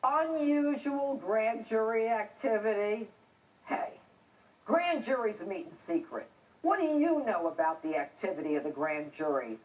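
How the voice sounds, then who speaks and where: A woman's voice: deep voice, lively intonation, normal speed, darkish tone, distant mic, poor audio. A middle-aged woman, a TV host and former police officer, delivering a scripted opinion monologue in a combative, indignant, emphatic way.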